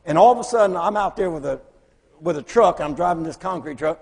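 A man preaching, telling lively stories and acting out the voices of the people in them. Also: on the high side, a little fast, creaky, breathy edge. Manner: animated storyteller, acts out voices in quotes. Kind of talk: storytelling sermon. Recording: long hall reverb.

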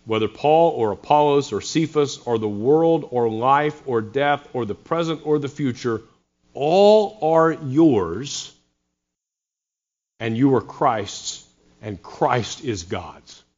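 An earnest man preaches a sermon in a mid-pitched voice and drops in dry, sarcastic asides. The recording sounds a little dull and muffled. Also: animated, slow, darkish tone. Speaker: pastor.

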